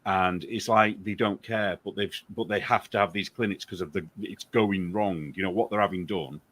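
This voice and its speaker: A man's voice: deep voice, fairly even intonation, normal speed, a bit bright. A man from the UK co-hosting a casual chat podcast, blunt and opinionated. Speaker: podcast co-host.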